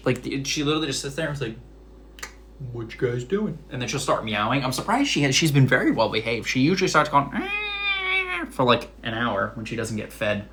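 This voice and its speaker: A man's voice: medium pitch, expressive, quick pace, few pauses, a bit bright, slight background noise. A young man with a Rhode Island accent, chatting casually on a live stream from his home kitchen, full of fillers. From Massachusetts. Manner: chatty, many likes and fillers.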